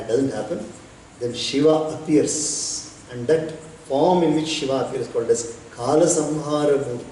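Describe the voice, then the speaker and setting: Echoey spiritual teacher. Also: male voice, on the high side, warm tone. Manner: unhurried, pausing storyteller, breaks into chanting. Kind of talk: devotional storytelling discourse. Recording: echoey hall, distant mic, faint noise.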